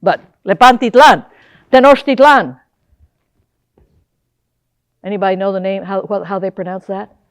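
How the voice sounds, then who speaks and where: An older woman giving a lively history lecture, often putting questions to the audience. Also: medium pitch, quick pace, dry recording. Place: lecture hall.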